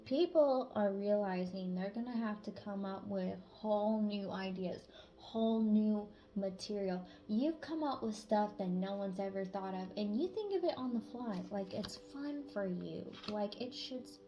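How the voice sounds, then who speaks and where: A woman tarot reader giving a channeled spiritual reading in a blunt, casual way, swearing freely and sometimes dropping to a hush. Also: medium pitch, unhurried, dull audio.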